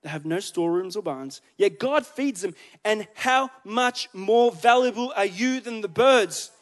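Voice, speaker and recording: A man preaches in a church with a high voice. He talks in a chatty, joking way and keeps asking the congregation questions. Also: animated, a little slow. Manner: chatty, joking, asks the crowd. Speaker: pastor. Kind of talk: sermon.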